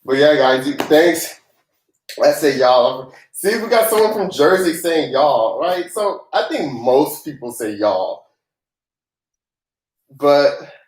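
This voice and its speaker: Man, tax pro livestream host, grew up in the South, casual and joking, mid-pitched voice, echoey room. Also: a little mellow. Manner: chatty, laughing, loose and joking. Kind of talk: casual live-stream Q&A. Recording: roomy echo.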